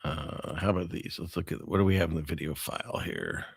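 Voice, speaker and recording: A man's voice: low voice, brisk, vocal fry, breathy edge, dry recording, clean studio sound. A man hosting a show in casual livestream chat, rambling and chuckling as he talks to his wife off-mic. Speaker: host.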